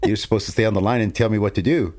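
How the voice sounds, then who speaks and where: Pria bersuara sangat rendah yang bercerita sambil tertawa. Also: male voice, on the low side, rapid-fire. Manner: animated storyteller, laughs often, acts out the dialogue. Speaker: co-host telling his testimony. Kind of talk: casual storytelling.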